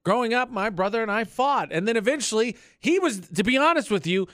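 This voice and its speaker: A slightly high-voiced man hosts morning radio from a studio, chatting and spinning stories with frequent laughs. The sound is close and dry, with no room around it. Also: a little fast, dry recording. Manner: storytelling, laughs often, animated. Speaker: radio morning show host. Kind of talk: casual radio banter. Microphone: studio microphone.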